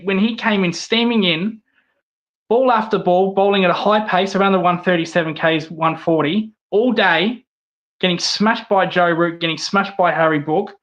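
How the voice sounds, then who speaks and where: A man's voice: high-pitched, normal speed, a bit bright, lo-fi sound. A man with an Australian accent, a cricket fan talking as a podcast guest, blunt and heated, repeating himself when riled. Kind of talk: casual podcast chat.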